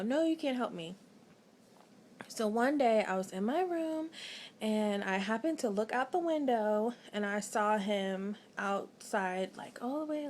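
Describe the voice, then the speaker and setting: A tired woman tells a story late at night in a loose, chatty way. She is animated and full of filler words. Her voice sits in a middle register, with a faint background hiss. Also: mid-range voice. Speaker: vlogger. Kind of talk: casual personal storytelling.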